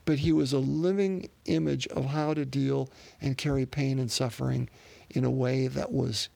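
A man's voice: mid-range voice, steady tone, moderate pace, gravelly, a little mellow, dry recording. A man preaching a sermon off the cuff, with plenty of fillers and restarts. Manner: unscripted, many fillers and restarts.

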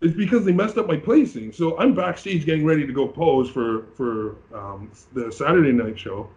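A bodybuilding competitor from Canada in a casual interview, telling his story with animated acted-out quotes. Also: on the high side, moderate pace, dull audio.

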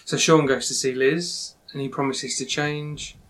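A man's voice: on the high side, steady tone, measured pace, fairly bright tone. A man hosting a casual chat about a film, recapping scenes with frequent ums. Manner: leads the talk, recaps scenes with many ums. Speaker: podcast host.

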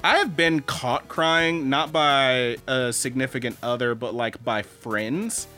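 A man co-hosting a podcast, telling a story in casual chat, animated and swearing freely. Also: medium pitch, takes it slowly, faint music behind. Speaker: podcast co-host.

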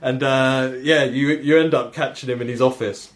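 A young man hosts a relaxed gaming podcast, his voice sitting in an ordinary middle register. He tells stories in an animated, loose way, peppered with swearing and frequent laughs. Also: mid-range voice, moderate pace. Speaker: podcast host. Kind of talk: casual podcast chat about video games.

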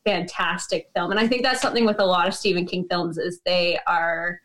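A woman's voice: lowish voice, fairly even intonation, a bit bright. Giggly chatty woman podcast guest. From Canada. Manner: giggly, chatty, quick to laugh. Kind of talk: casual podcast chat.

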